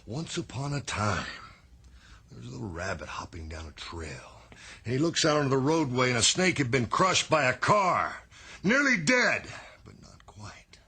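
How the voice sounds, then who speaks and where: Older man, bright husky dramatic storyteller. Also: medium pitch, big pitch swings, moderate pace. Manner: drawling, dramatic storyteller dropping to whispers. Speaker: podcast host, former wrestler. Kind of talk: storytelling wrestling promo. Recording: archive promo clip.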